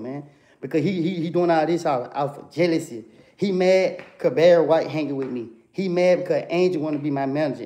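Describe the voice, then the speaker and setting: A man's voice: on the high side, dark tone. A young man, ranting confrontationally on a livestream and repeating "bro" and "come on, man" constantly. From Atlanta, USA. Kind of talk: heated livestream rant.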